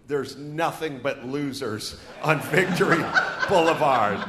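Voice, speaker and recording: Heavy background noise and echoey live-venue sound surround a man hosting a live comedy podcast on stage in front of an audience. Hailing from North Hollywood, California, he rants and jokes crudely. His fairly high voice is animated but slow-paced.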